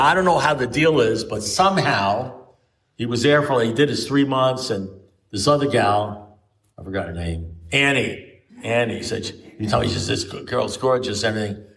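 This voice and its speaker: Recorded at a recovery group meeting in a meeting room, a man tells rambling anecdotes, often restarting his sentences. His medium-pitched voice is creaky with a fairly bright tone, and he is far from the mic.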